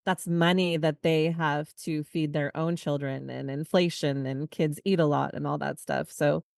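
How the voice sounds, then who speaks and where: A woman with a low voice talks casually on a podcast and tells a story with lively asides. The recording is dry and close. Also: vocal fry, no echo. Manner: animated storytelling, quick asides. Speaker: podcast co-host. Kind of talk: casual conversation.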